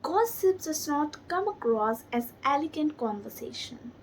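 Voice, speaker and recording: A woman with an Indian English accent teaching spoken English and soft skills, talking slowly and carefully and stretching her intonation to demonstrate it. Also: high-pitched, big pitch swings, slight background noise, low-quality recording. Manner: slow, deliberate delivery with demonstrative intonation. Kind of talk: instructional talk to camera.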